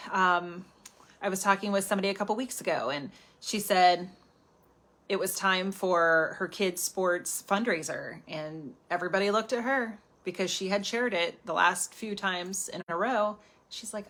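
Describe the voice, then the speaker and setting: Woman host, casual live self-help talk, expressive, slips into whispered asides. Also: mid-range voice, moderate pace. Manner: animated, chatty, often drops to a whisper for asides. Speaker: healing coach hosting a live stream.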